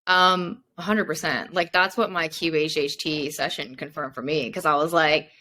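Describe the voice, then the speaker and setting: Woman, young adult, slightly low voice, podcast guest, casual storytelling, filler-heavy. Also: normal speed. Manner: chatty, many "like" fillers, animated retelling. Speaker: mindset coach, podcast guest.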